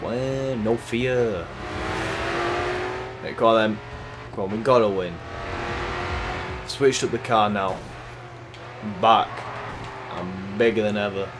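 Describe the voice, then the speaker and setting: A man casually commentating his racing gameplay, chatty and excitable, cursing at the game. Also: on the low side, slow pace, long pauses, very noisy. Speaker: gaming YouTuber. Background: game music.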